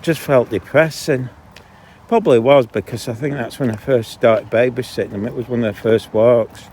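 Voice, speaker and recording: A man's voice: medium pitch, fairly even intonation, moderate pace, a little mellow. A man talks casually into a handheld camera while out on a walk, rambling and grumbling and trailing off mid-thought. His voice sits in an ordinary middle register. A faint hiss of outdoor noise runs underneath. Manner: chatty, grumbling, breaks off mid-sentence. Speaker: vlogger. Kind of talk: casual walking vlog monologue. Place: outdoors on a canal towpath.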